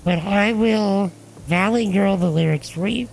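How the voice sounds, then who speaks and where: A woman's voice: medium pitch, measured pace, vocal fry, a little mellow, a little hiss or hum, low-quality recording. A woman live-streaming a game, chatting casually and playfully with her chat and a friend.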